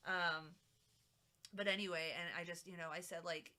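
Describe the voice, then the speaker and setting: Brief: female streamer, rambling casual chat, lots of ums, crisp bright tone, mic a bit off the mouth. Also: lowish voice, fairly quick. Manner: rambling, chatty, many fillers. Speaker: live streamer. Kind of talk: casual chat while crafting. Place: home streaming setup. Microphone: mic set a little away from the mouth.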